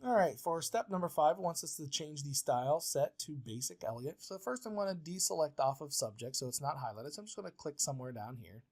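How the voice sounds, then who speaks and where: Speaking quickly with few pauses, a man with a higher-pitched, slightly mellow and animated voice leads a step-by-step word processing walkthrough. He's a professor, patient and plain in his explanations, and he relies on frequent filler sounds.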